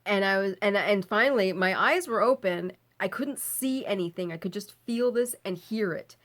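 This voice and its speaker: A woman recounts a frightening night in casual storytelling. Her voice sits in an average pitch range. She is animated, breaks into laughs often, and swears freely when describing fear. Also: moderate pace. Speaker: vlogger.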